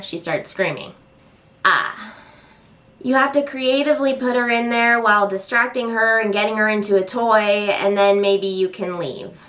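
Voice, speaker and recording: Young woman, mom vlogger, casual venting; chatty, exasperated, slightly high pitch, squeals when quoting. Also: a bit bright.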